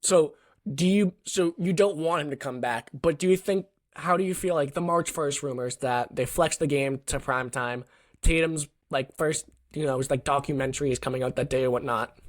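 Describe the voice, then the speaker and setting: A man's voice: fairly high pitch, moderate pace. A man hosting a sports podcast, steering the discussion with questions in casual chat. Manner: steering the talk, laughing. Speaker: podcast host.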